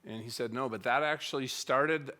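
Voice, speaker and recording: Animated middle-aged man telling a church story. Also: medium pitch, moderate pace. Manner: animated, acts out dialogue with wide swings in loudness. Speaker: church speaker.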